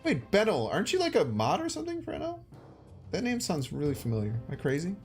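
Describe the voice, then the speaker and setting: A man with a Chicago accent streaming a card game, chatting casually with his viewers and thinking his moves out loud. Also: high-pitched, wildly swooping pitch, fast, faint music behind. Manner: chatty, thinks aloud and talks to chat. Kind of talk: casual gaming stream commentary.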